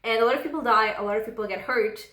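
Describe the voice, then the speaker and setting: A woman's voice: on the high side, rapid-fire, fairly bright tone, echoey room. A woman casually recapping a novel for her book vlog, rambling and filling gaps with "like". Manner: rambling, fills with "like". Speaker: book vlogger.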